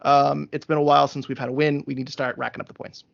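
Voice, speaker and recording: A man's voice: fairly high pitch, flat delivery, fast, creaky. A man hosting a casual sports podcast, talking through numbers methodically with frequent fillers. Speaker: podcast host. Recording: dull lo-fi sound.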